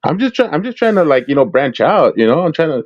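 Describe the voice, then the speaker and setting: Joking guy on a stream, bouncy lively voice, dull dry lo-fi mic. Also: a little high, fast. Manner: joking, stammering restarts. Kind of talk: casual livestream chat.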